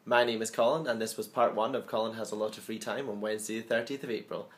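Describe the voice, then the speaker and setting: A man's voice: on the low side, fairly even intonation, fast talker. Chatty, self-mocking male home baker. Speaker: home-baking vlogger. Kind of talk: casual baking vlog chat. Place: home kitchen.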